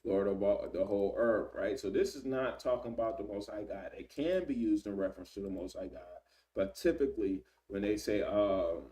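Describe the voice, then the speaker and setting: A man reading scripture aloud and explaining it in relaxed everyday slang, often checking in with "right?". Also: lowish voice, normal speed, distant mic. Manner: reads scripture then paraphrases in slang, frequent "right?". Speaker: Bible teacher. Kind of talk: casual Bible study reading and commentary.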